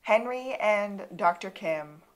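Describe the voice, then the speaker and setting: A woman co-hosting a podcast, narrating an episode recap in relaxed casual chat with dry asides. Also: mid-range voice, slow pace. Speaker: podcast co-host.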